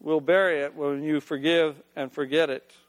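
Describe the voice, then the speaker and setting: A man playing a blunt, practical advisor who speaks firmly and plainly. His voice sits high, and a long hall echo trails behind him. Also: little pitch movement, moderate pace, close to an everyday voice. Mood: stern. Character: blunt, practical man giving stern advice.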